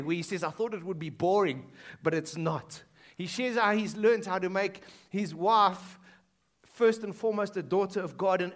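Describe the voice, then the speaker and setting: A man preaching a sermon in a school hall, shifting between loud emphatic lines and hushed quoted lines. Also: sits high. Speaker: pastor.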